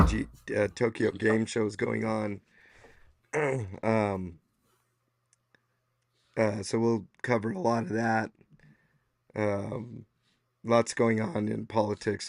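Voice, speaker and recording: A man hosting a casual podcast livestream, hoarse and losing his voice, rambling with lots of fillers. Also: lowish voice, no echo, clean studio sound. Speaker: podcast host.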